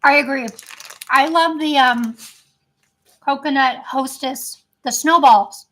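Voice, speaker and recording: This vlogger's high, light voice carries a sharp tone as she streams live from home. She talks fast and casually without a script, rambling and giggling as her thoughts drift.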